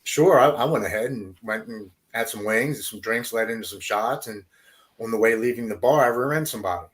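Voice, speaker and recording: A man appears as a guest on a podcast, recounting his recovery story in a halting way, repeating words and falling silent at the difficult moments. His voice sits at a medium pitch.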